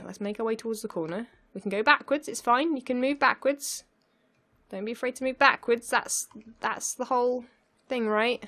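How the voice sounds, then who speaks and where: Young woman gaming, bit high voice, keeps muttering to herself and giggling. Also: fairly bright tone. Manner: flustered, self-talking, laughs often. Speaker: let's play gamer. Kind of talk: live gameplay commentary.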